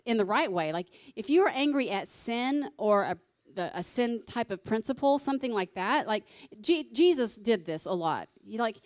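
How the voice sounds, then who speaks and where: A woman's voice: fairly high pitch, darkish tone. A woman giving a sermon alongside her husband, conversational and teasing as she explains scripture.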